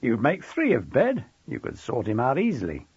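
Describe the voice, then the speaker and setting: A man voicing a patient, dry-humoured older head of sixth form who coaxes softly. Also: mid-range voice, huge pitch swings, normal speed, breathy edge, no echo, lo-fi sound, heavily acted. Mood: wry. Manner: soft-spoken, dry, coaxing.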